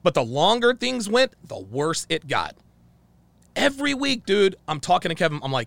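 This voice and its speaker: A man's voice: sits high, sing-song, normal speed, gravelly, a bit bright, no room sound. A man telling a story in a casual rant as a YouTube commentator, heated and profane, often repeating himself.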